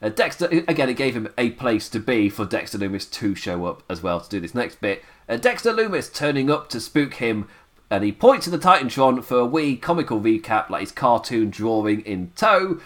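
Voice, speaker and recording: A man's voice: medium pitch, sing-song, normal speed, a bit bright. A young man, his voice worn down and a little tired, recapping wrestling in a rambling, chuckling solo podcast chat full of fillers. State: voice worn down, sipping tea.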